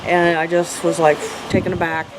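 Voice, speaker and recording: A middle-aged woman, an interview guest, earnestly and emotionally telling a personal story, with halting restarts. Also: fairly low pitch, flat delivery. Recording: noisy background hum.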